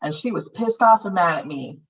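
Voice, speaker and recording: A woman's voice: fairly low pitch, expressive, fairly quick, husky, distant mic, lo-fi sound. A woman leading a healing circle, talking casually and frankly about meditation, swearing freely as she goes. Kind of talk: casual group guidance on meditation.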